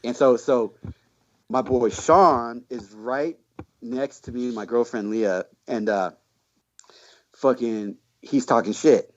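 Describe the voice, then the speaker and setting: A man's voice: mid-range voice, slow, darkish tone, dull audio. A man chatting casually as a podcast guest, telling a rambling story full of slang, swearing and fillers.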